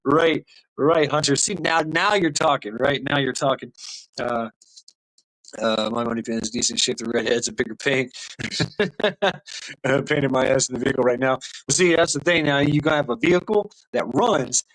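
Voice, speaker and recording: A man's voice: medium pitch, a little fast, a bit bright, no room sound, rough recording. A man in his fifties hosting a livestream, chatting casually with viewers in a rambling, profane, joking way and chuckling often. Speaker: livestream host reading chat.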